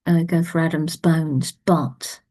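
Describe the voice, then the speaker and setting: A woman storyteller tells a tale slowly and intimately, her voice often sinking into a whisper. Her pitch sits low for a woman and she takes her time. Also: steady tone, dark tone. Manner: slow and intimate, dipping to whispers. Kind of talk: oral storytelling.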